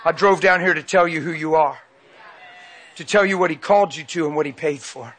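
A man's voice: fairly high pitch, a little fast, fairly bright tone. A man preaching a sermon into a handheld mic, emphatic and repeating phrases for weight.

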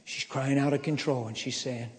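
A man preaching a personal story, swinging from hushed asides to loud emphatic lines. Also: medium pitch, fairly even intonation, normal speed. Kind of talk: storytelling sermon. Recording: long hall reverb.

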